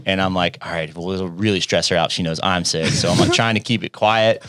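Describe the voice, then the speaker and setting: Laid-back low-voiced man telling a story. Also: brisk, a bit bright. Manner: laughing, filler-heavy retelling. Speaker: podcast host and coach. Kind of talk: casual storytelling chat.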